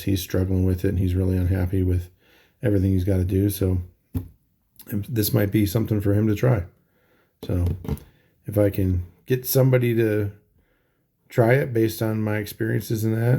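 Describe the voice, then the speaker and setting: A middle-aged man talking casually in a halting video diary, tired and full of ums and restarts. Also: low-pitched, flat delivery, vocal fry, mellow. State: tired, yawning. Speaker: vlogger.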